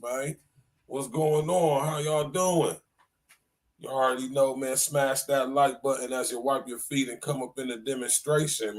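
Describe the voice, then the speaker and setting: A man hosting his own podcast, talking loud and casual in a slangy style, coughing now and then and saying "man" at the end of nearly every line. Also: mid-range voice. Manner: loud, slangy, repeats "man" and "you know what I'm saying". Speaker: podcast host.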